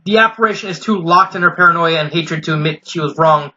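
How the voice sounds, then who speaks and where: Stern regal pony princess, formal speech, read by a man, bright tone, slightly muffled. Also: on the high side, fast talker. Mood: grave.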